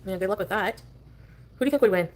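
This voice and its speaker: A woman's voice: mid-range voice, quick pace. Rambling, chatty woman livestreamer. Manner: scattered, chatty, drifting between topics.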